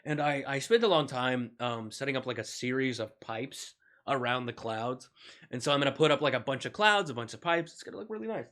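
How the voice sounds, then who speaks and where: A man's voice: medium pitch, expressive, a little fast, a bit bright. A man streaming a game, talking in a casual, rambling way full of jokes and tangents. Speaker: gaming streamer. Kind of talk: casual gaming stream commentary.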